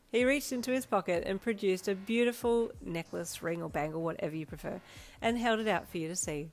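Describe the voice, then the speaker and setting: A woman narrating fan fiction aloud in an even storytelling manner. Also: mid-range voice, fairly quick. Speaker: reader.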